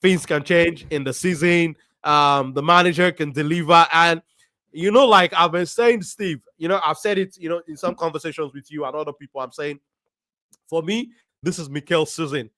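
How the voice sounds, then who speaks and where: A man's voice: on the high side, bright, forceful tone, dry recording. Dry-sounding man reading viewer comments. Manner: measured, with frequent ums and repeats. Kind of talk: live stream chat.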